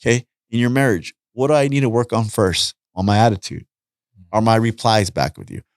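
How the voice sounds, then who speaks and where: A man's voice: fairly low pitch, fairly quick, dry recording, studio quality. A middle-aged man chatting as a podcast guest, telling stories with lots of energy and acting out the dialogue. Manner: animated storytelling, acts out dialogue. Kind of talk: casual chat.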